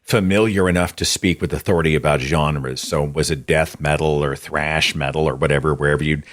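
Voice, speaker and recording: Deep-voiced oklahoma guy hosting call-in radio, animated, laughs a lot. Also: fairly quick. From Oklahoma, USA. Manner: animated, laughs easily, pitch jumps when emphatic. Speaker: call-in show host. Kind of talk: casual call-in talk.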